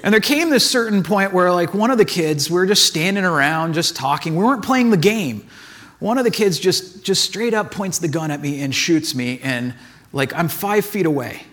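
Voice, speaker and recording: A man's voice: high voice, animated, normal speed, fairly bright tone. A man giving a casual, conversational sermon as a pastor, telling stories in a chatty way full of "like" and acted asides.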